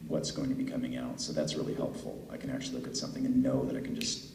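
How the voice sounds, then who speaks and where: A middle-aged man with a deep voice, a voice actor telling stories to fans at a convention panel, chatty and laughing easily. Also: sing-song, racing, gravelly, a little mellow. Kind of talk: relaxed storytelling answer to a fan. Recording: echoey hall from far off, faint noise.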